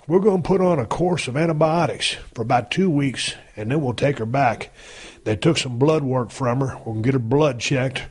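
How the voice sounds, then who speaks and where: A man's voice: medium pitch, breathy edge. A man in his fifties hosting a podcast, talking in a casual, blunt and heavily profane folksy monologue. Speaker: podcast host.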